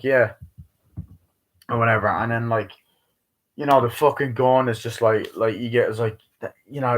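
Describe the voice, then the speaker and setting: A man's voice: mid-range voice, sharp tone, rough recording. A man giving a casual, rambling movie review, swearing a lot and acting out lines of dialogue as he goes. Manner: rambling, profane, acts out quoted dialogue.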